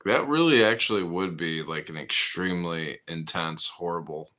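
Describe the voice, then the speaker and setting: A man hosting a casual podcast chat, talking in a measured, reflective way. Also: low voice, bright, forceful tone. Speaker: podcast host.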